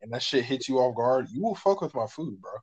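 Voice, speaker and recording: A man's voice: medium pitch, very animated, brisk, very noisy. Profane young man telling stories. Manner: profane, rambling storytelling. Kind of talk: casual chat.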